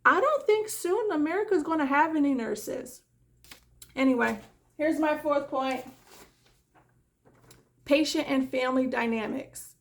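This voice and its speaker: A woman's voice: sits high, a little slow, pauses often. A woman who works as a nurse, talking in a casual vlog, exasperated and emphatic.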